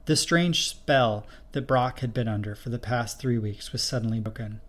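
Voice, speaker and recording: A man's voice: mid-range voice, normal speed, few pauses. Man narrating a story steadily.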